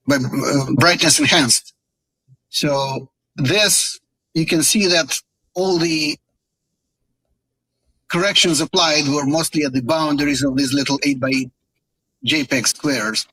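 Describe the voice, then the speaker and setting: A man co-hosting a contest presentation, explaining technical results casually with halting restarts and uhs. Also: on the high side, sharp tone, rough recording. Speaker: contest co-host.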